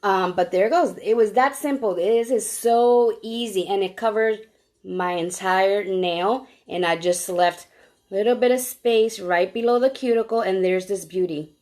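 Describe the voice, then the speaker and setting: A woman's voice: mid-range voice, measured pace, darkish tone. Chatty woman demoing nail strips live. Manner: chatty, walks viewers through each step; greets viewers by name while demonstrating. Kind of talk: live-stream product demo.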